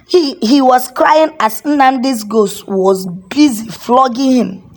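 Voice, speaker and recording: A woman narrating a folk tale in a measured, dramatic way. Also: a little high. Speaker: storyteller.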